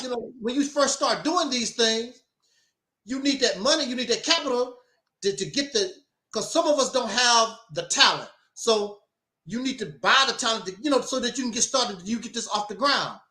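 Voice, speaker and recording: Male host, very high and bright, emphatic preachy monologue with mocking asides, echoey room. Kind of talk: opinionated talk show monologue.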